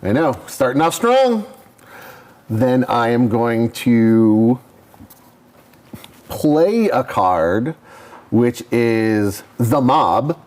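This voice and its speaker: A man narrates his board game turn out loud, weighing each move before committing to it. He speaks slowly and drags out his phrases, yet his pitch stays lively and varied throughout. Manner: deliberate, thinks aloud over his moves. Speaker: co-host. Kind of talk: casual chat while playing a board game.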